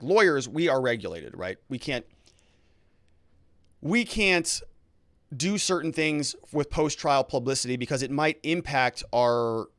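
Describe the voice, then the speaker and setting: A man's voice: medium pitch, fairly bright tone, dry recording. A man, a lawyer, hosting a casual livestream, talking through legal news and reading viewer comments in a conversational, hedging way.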